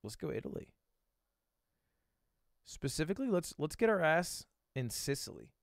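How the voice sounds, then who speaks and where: A man streaming live who thinks out loud through guessing games, swears freely and bursts into loud excitement, recorded close on a desk microphone. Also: on the high side, moderate pace, creaky, no room sound. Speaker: streamer reacting to videos and playing guessing games.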